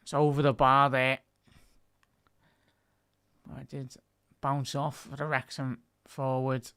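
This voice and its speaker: A man with a Scouse accent commentates live on a football match for his online viewers, talking to them as "chat". His voice is smooth and resonant, sitting at a middling pitch. The sound is dry and close, with no room around it. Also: monotone, slow, bright, forceful tone, dry recording. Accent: Liverpool (Scouse). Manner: chatty, addresses his viewers as "chat", laughs often. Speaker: football commentator and YouTube host. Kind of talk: live fan watchalong commentary.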